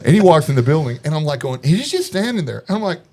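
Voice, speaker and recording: A man's voice: on the high side, sing-song, fast, mellow. A man telling a long story as a podcast guest in casual chat, acting out quoted voices and laughing often.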